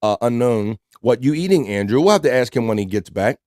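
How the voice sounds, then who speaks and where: A man's voice: mid-range voice, expressive, fairly quick, a little mellow, no room sound, studio quality. A man with an American accent hosting a live stream show, casually reading out chat messages and greeting viewers. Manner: laid-back, reads chat messages aloud. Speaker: livestream host.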